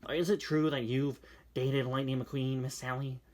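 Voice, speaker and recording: A man voicing an eager car from a racing fan club, read from a comic, pestering and excited. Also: medium pitch, unhurried, close to an everyday voice.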